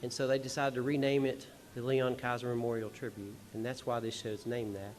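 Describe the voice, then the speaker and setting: A man's voice: medium pitch, flat delivery, fairly quick, darkish tone. A man speaking on a concert hall stage, telling family stories in a folksy, rambling, emotional way with small chuckles. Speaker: son of the honored musician, speaking at a tribute show. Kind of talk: personal stage speech.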